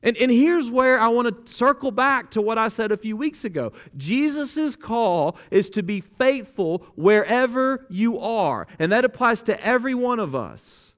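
A man's voice: sits high, sing-song, normal speed, hardly any pauses, a bit bright. A man preaching a sermon as pastor, earnest and emphatic, often repeating a word as he restarts a thought.

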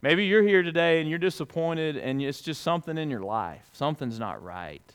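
Emphatic preaching man, smooth voice. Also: expressive, normal speed. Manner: swings from loud emphatic peaks to hushed low lines; folksy illustrations, conversational preaching. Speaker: pastor. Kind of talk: sermon.

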